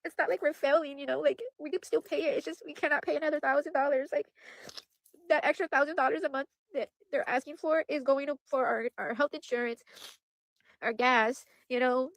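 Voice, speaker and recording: A woman's voice: high voice, fairly even intonation, fairly quick. A young woman rambling anxiously to her viewers in a casual vlog, repeating herself and saying "like" and "you guys" a lot. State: upset and worried. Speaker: vlogger.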